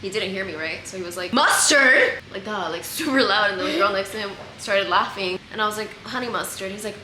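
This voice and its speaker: A woman's voice: medium pitch, fast talker, crowd noise. A young woman in her twenties chatting candidly in a casual vlog at home, laughing easily. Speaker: vlogger. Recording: echoey room with loud ambient noise.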